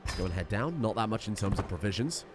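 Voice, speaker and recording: A man's voice: fairly low pitch, lively intonation, quick pace, noisy background. A man casually commenting on a strategy game, thinking aloud and reading the game's text. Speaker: gaming video host.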